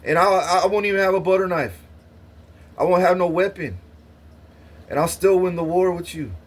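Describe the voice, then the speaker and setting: A man with a somewhat high voice rants straight to camera. He is profane and menacing, boasting about his power and threatening his listeners. His words trip into repeated restarts as he pushes on. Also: normal speed. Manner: repeats himself with stuttered restarts. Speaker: vlogger. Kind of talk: angry boastful rant to camera.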